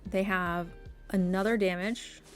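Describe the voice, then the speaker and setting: Unhurried woman streamer, playfully exasperated. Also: mid-range voice, fairly even intonation, faint music behind. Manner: playfully exasperated, thinks aloud while playing. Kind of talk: gameplay commentary.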